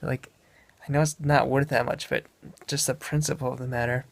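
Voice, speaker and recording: A man's voice: mid-range voice, level tone, brisk, vocal fry. A young man from Wisconsin, casually telling a travel story in a meandering way, often correcting himself. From Wisconsin, USA. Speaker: vlogger.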